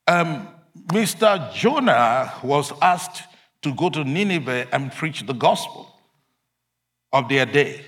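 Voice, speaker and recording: A man preaching a sermon, emphatic, swinging between loud declarations and quiet asides. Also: fairly high pitch, expressive, slow pace, pauses often.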